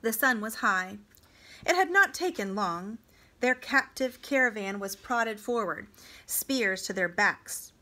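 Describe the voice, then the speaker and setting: Slow, deliberate woman reading a novel aloud. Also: mid-range voice, lively intonation, pushed and bright. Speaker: reader for homeschool students.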